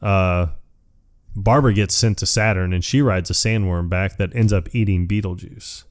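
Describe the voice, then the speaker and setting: A man's voice: low-pitched, moderate pace. Laughing man recapping a movie. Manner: rambling, laughs often, acts out quotes. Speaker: podcast host. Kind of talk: casual movie recap chat.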